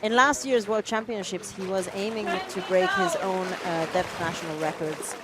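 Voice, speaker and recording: A woman's voice: medium pitch, fairly even intonation, normal speed, heavy background noise. A woman giving live sports commentary in a chatty, encouraging way, cheering the athletes on.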